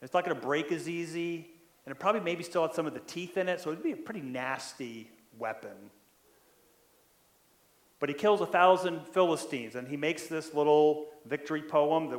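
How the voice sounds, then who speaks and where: A man preaching in a loose, conversational way, slightly higher-pitched than most men. He keeps asking his listeners whether they follow and builds up in force as he drives a point home. His voice rings in a roomy, echoing space. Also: moderate pace. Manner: animated, builds in loudness when stressing a point. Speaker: pastor. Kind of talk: sermon.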